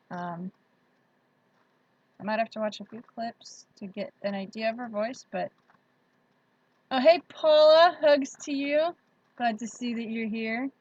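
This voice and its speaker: A woman's voice: fairly high pitch, a little mellow, dull audio. A woman hosting a casual livestream, chatting in a friendly way and greeting viewers by name. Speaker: livestream host. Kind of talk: casual livestream chat reading viewer comments.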